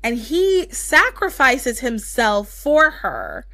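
Gushy young podcast girl, kinda high voice, lots of "like" and "um". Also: wildly swooping pitch, takes it slowly, bright, forceful tone, no echo. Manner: chatty, gushing, lots of fillers. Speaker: podcast co-host. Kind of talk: casual chat.

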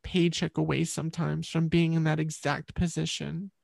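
A woman's voice: low voice, flat delivery, moderate pace, gravelly, a little mellow, dry recording, clean studio sound. A woman, a guest, earnestly telling a personal story in a chatty way.

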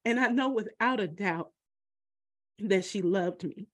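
A woman telling a personal story, halting and emotional, with many pauses and fillers. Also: mid-range voice, dry recording, studio quality.

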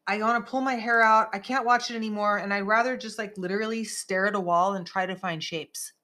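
A woman's voice: medium pitch, fairly even intonation, brisk, pushed and bright. A woman hosting a podcast in casual chat, rambling and emphatic as she vents. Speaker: podcast host.

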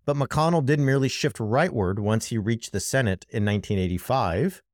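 A man's voice: medium pitch, normal speed, dry recording, studio quality. A man co-hosting a podcast, talking through politics in an impassioned, emphatic way and speaking straight to his co-host. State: worked up. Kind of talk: casual political commentary.

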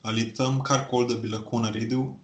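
A male learner translating phrases aloud in a lesson, his voice at an ordinary middle pitch. He hesitates and breaks off mid-phrase, feeling his way toward each translation. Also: level tone, fast talker. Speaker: language learner.

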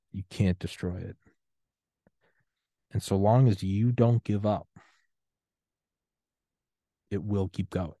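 A man's voice: sits low, warm tone, no echo, studio quality. A man in his thirties hosting a solo podcast rant, profane, defiant and impassioned. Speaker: podcast host.

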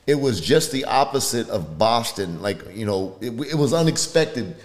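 A man co-hosting a podcast, talking casually and haltingly as he searches for words. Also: medium pitch, very animated. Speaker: podcast co-host. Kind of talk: casual chat among friends. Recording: roomy echo.

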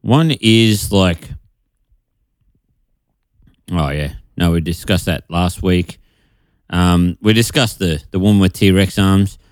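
Man, podcast co-host, casual comedy chat, stammering and giggly, low smooth voice, dry close sound. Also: takes it slowly, long pauses, no room sound. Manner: rambling, stammering, laughing at own jokes. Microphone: video call.

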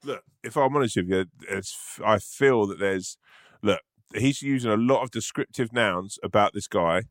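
A man's voice: on the low side, normal speed, dry recording, studio quality. A man co-hosting a podcast in loose, comedic chat, often laughing. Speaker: podcast co-host.

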